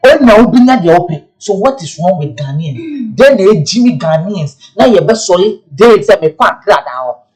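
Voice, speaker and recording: Man, lively pitch, rambling pidgin commentary, mixes languages freely. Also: normal speed, low-quality recording. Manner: animated, rambling, switching between languages.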